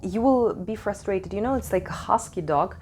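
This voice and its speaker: A woman's voice: medium pitch, animated, normal speed, a little mellow, a little hiss or hum. A woman who is not a native English speaker gives a casual tarot reading at home into a desk microphone, talking frankly, swearing freely and laughing often. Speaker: tarot reader. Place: home in Switzerland.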